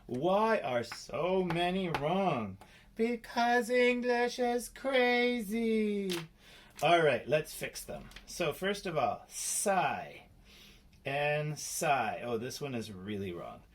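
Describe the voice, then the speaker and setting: Male phonics teacher, slightly high, slow and playful with kids. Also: breathy edge. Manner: slow, playful, sounding out letters. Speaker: spelling teacher. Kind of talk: children's phonics lesson.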